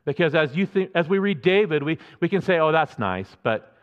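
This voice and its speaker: A man's voice: a little high, a little fast, in a large hall, dull audio. A man preaching a sermon as a pastor, in a conversational, emphatic way with many restarts.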